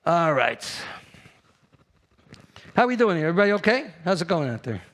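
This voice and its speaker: A brash man delivers a live conference talk from the stage. His somewhat high voice leaps into loud, high bursts and then drops low again as he keeps throwing questions at the audience. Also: very animated, normal speed. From New York. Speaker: keynote speaker at a trade fair.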